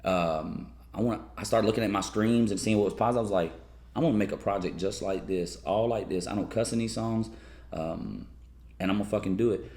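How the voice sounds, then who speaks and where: A man's voice: lowish voice, brisk, darkish tone. A man in his thirties from Kentucky, telling wild stories in a casual, profane interview, often laughing. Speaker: guest. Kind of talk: casual storytelling.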